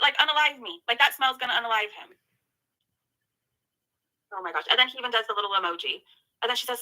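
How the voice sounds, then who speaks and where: A woman's voice: mid-range voice, expressive, fast talker, sharp tone, low-quality recording. A woman reading messages aloud in an amused, giggly way. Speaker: co-host reading texts aloud.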